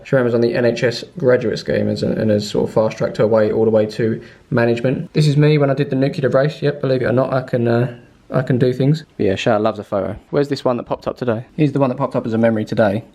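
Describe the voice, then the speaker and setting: A man's voice: medium pitch, a little mellow. A young man, chatting casually and upbeat to camera in a family vlog on a handheld camera. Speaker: family vlogger.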